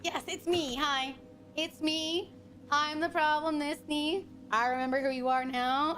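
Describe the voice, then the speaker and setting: A woman's voice: sits high, steady tone, measured pace, fairly bright tone, slight background noise. A woman streaming a game, chatting with viewers in a flirty, teasing, playfully menacing way. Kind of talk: casual game-streaming chat.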